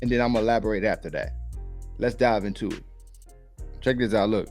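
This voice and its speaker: A man's voice: fairly low pitch, brisk, pauses often, a little mellow, faint music behind. Blunt, slangy male dating commentator. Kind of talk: casual reaction commentary.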